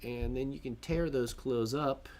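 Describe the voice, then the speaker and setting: A man's voice: mid-range voice, a little slow, a little mellow. A man casually narrating his own gameplay on a stream, chatty, joking and laughing to himself as he plays.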